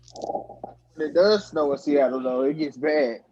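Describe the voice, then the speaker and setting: A man's voice: a little high, a little mellow. A man in a casual group chat giving blunt, short verdicts, recorded with a dull lo-fi sound. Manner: blunt, quick one-line verdicts.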